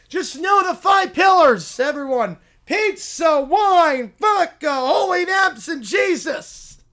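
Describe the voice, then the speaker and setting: A man's voice: extremely high pitch, bright, forceful tone, voice pushed up, full character voice. A man voicing a self-righteous male preacher of a silly pizza religion who shrieks and rants in constant indignation.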